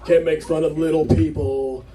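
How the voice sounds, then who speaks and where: A man's voice: fairly high pitch, little pitch movement, moderate pace. A man doing a rambling stand-up story set in a small comedy club, chatty and full of fillers, picked up from a distance with the crowd laughing. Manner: conversational, rambling with fillers, acts out quotes.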